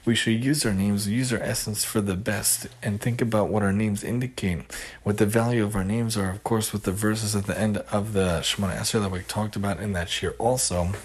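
A man hosts a recorded religious lesson in a husky, somewhat low voice. He tells stories in an earnest, measured teaching cadence. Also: fairly even intonation. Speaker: host of a Torah lesson show.

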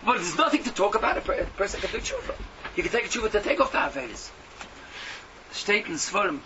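A man giving a sermon to a class, mixing in Yiddish and Hebrew terms and swinging from hushed tones to loud exhortation. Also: high-pitched, expressive, quick pace, a crowd in the background. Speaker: Torah teacher. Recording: dull lo-fi audio from a distance with faint hum.

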